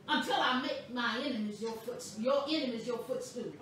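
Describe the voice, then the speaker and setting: A woman pastor delivering a sermon, with slow, emphatic preaching that stresses words boldly. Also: on the high side, a bit bright, slight background noise. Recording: echoey room, voice from a distance.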